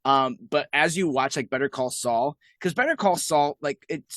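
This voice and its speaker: His voice a little high and a bit bright, this man co-hosts a podcast via video call. He's enthusiastic and chatty, making quick asides in casual conversation, captured in a dry, studio-quality recording.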